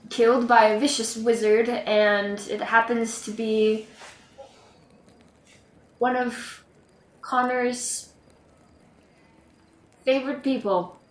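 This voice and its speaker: A woman's voice: on the high side, fairly bright tone, echoey room. A woman playing a tabletop game, speaking theatrically as her character. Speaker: player.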